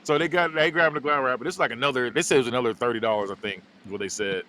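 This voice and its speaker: Fast, animated podcast host. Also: male voice, medium pitch, slight background noise. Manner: animated storytelling, laughs often. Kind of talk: casual comedic movie recap.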